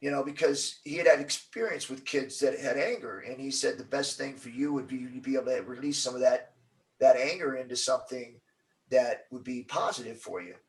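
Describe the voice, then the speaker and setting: A middle-aged man telling a story as an interview guest, acting out the quotes with lively energy. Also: mid-range voice, fairly quick, far from the mic, rough recording. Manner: animated storyteller, acts out quotes.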